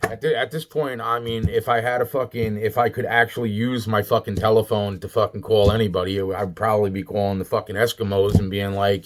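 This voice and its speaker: A man's voice: on the low side, level tone, a little fast, few pauses. A man in a rambling, agitated, profane monologue, repeating himself. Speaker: vlogger.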